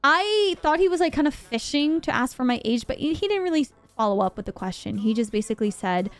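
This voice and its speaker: A woman's voice: high voice, lively intonation, fairly quick, faint music behind. A woman from Bahrain, over twenty-five, chatting animatedly to her live stream audience and acting out the voices in her story. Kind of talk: casual storytelling to a live chat.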